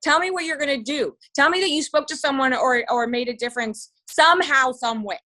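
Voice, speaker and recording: A middle-aged woman in a casual chat as a podcast guest, candid and animated, swearing freely. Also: sits high, fairly quick.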